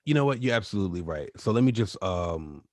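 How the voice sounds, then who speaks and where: Podcast co-host, male, very low voice, blunt half-joking delivery, dry close mic. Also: expressive, fast talker, darkish tone, dry recording. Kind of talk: casual podcast chat.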